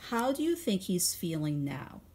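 A woman teacher reading a picture book aloud to young children at home over video, stopping to ask gentle guiding questions and explain her thinking patiently. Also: lowish voice, big pitch swings, normal speed, gravelly, breathy edge.

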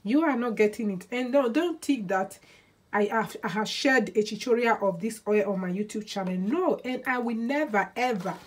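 A woman's voice: on the high side, normal speed. A woman from Nigeria, talking in a casual vlog monologue as a hair oil seller, emphatic and repetitive. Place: indoors, lives in Sweden.

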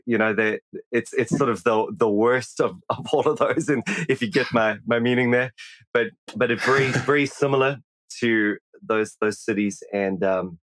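A man's voice: fairly low pitch, a bit bright, no echo. A man from South Africa with a South African accent tinged with American, a pastor chatting casually as a podcast guest, self-deprecating with many restarts. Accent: South African, mixed with some American.

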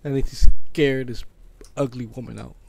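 A man giving casual commentary while playing a horror game, excitable, swearing and yelping when scared. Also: medium pitch, normal speed, vocal fry.

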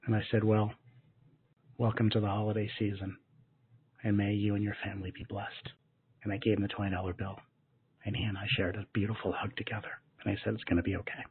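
A man leading a guided gratitude meditation as a spiritual teacher, speaking softly and slowly in a soothing way. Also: on the low side, completely flat delivery, slight background noise. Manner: soft, slow and soothing, with gentle repetitions. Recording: muffled lo-fi narrow-band audio.

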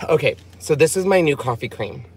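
A woman's voice: deep voice, animated, fairly quick, noisy background. A woman hosting a casual vlog from a car, melodramatic and complaining about a burning mouth. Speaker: vlog host. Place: inside a car.

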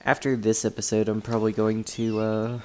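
A woman co-playing on a game stream, low-key and teasing in casual chat. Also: little pitch movement, a little fast, darkish tone, slight background noise. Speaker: co-player on stream.

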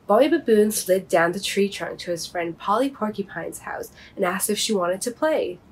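A woman reading her children's picture book aloud, gently and expressively. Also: medium pitch, breathy edge, rough recording. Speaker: storybook reader and author.

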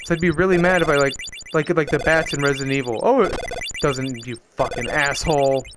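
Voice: mid-range voice, fairly quick, noisy background. A gaming channel host giving let's play commentary, cursing and muttering in frustration at the game. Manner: profane, exasperated, talking to self. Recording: loud game music over voice. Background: loud video game music.

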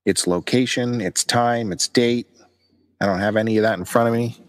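A man's voice: mid-range voice, steady tone, normal speed. A man co-hosting a podcast in casual chat, chatty and teasing as he plugs events. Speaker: podcast co-host.

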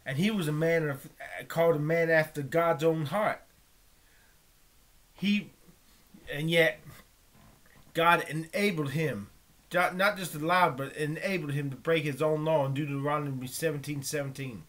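Pleading man in a halting prayer. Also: a little high. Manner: halting, pleading, breaks off and restarts; drops to a hushed whisper at times. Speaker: vlogger. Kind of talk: spoken prayer monologue.

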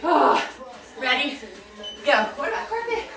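A woman fitness instructor leading a live workout and a faith teaching, with energetic, encouraging coaching and earnest explanation. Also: sits high, measured pace. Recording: echoey room, voice from a distance, faint music.

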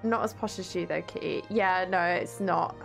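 A woman's voice: lowish voice, moderate pace, creaky. A woman with a Yorkshire accent chats casually with her stream viewers as she plays. She swears freely and keeps up a running banter. Faint game music sits underneath her voice. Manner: chatty, reads chat aloud, swears casually. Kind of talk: casual gaming stream chat.

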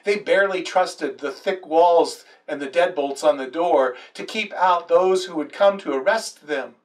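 A man's voice: on the high side, measured pace, recorded from a distance. A male pastor preaching a sermon and telling the story dramatically, with quoted lines.

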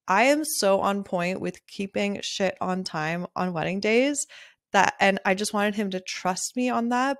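A young woman talks through her own podcast in a loose, candid monologue. She laughs often, lets the odd swear word slip, and keeps a relaxed, mid-pitched voice. The sound is close and dry, with no room around it. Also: no echo. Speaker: podcast host, wedding photographer. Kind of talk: casual solo podcast monologue.

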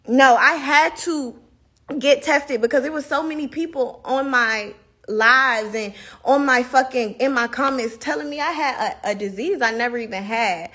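A woman's voice: high voice, normal speed, bright, forceful tone. A young woman ranting bluntly and profanely into her phone on a livestream. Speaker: livestream host. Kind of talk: heated casual livestream rant.

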